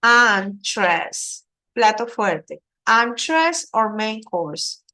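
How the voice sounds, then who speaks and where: A woman teaching an English lesson, slowly explaining words with glosses. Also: on the high side, sing-song, bright, forceful tone. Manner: slow, patient, explaining vocabulary with Spanish glosses.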